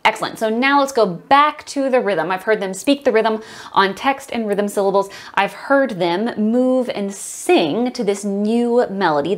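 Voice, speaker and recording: Woman, young adult, music teacher demonstrating a classroom lesson, explanatory and practical. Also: mid-range voice. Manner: explains, then models chants and solfege in a bright sing-song voice.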